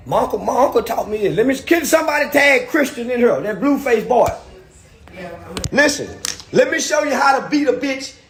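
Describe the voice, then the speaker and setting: A man telling profane stories in an animated, ranting monologue with loud outbursts. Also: very high voice, moderate pace, roomy sound. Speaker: commentator.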